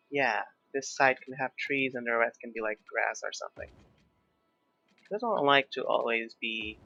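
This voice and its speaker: A young man with a bright, forceful voice narrates his gameplay in a chatty, self-deprecating way. His English is a second language, and his accent wanders between British and American. The recording is a little dull and lo-fi, with faint music playing underneath. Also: mid-range voice. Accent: mixed British and American. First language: not English. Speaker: gaming YouTuber. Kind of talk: casual gameplay commentary. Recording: slightly dull lo-fi mic, faint background music.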